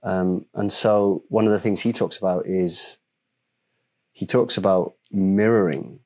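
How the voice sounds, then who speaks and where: Male podcast guest, animated coach explaining techniques, lowish voice. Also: unhurried. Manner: animated explainer, acts out examples. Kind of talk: conversational podcast interview.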